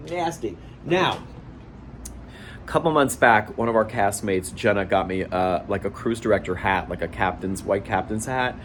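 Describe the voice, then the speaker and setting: Emotional, animated man gushing to camera. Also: mid-range voice, slight background noise. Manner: gushing, emotional, self-mocking, with laughs. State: emotional, near tears. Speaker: theater wardrobe worker and vlogger. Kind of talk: casual selfie vlog. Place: at home, then a bathroom.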